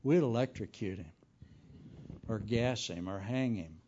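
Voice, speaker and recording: A man's voice: on the low side, measured pace, slight background noise. A man preaching a humorous sermon as an evangelist, telling folksy stories with jokes. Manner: folksy, joking, animated storytelling. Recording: dull lo-fi recording.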